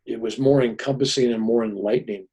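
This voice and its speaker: Older male guest telling a long personal story, lively and chatty, with a husky edge. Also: mid-range voice, fast. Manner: animated storyteller, often adds "right?". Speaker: podcast guest.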